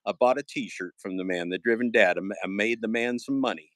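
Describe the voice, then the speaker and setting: A man's voice: fairly low pitch, brisk, no room sound. A man on a casual livestream, rambling with sarcastic, taunting jokes while holding his phone. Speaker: live streamer. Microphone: phone held in hand.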